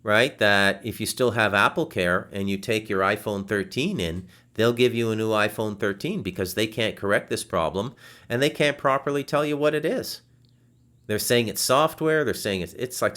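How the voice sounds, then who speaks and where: A man hosting a podcast over a video call, telling a frustrating story in a casual, animated way, swearing and restarting his sentences. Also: lowish voice, normal speed. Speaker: podcast host. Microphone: video call setup.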